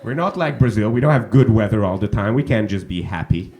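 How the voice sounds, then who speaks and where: A man's voice: lowish voice, expressive, a little fast, warm tone. A man doing stand-up crowd work on a comedy club stage, teasing the audience with chatty questions into a handheld mic.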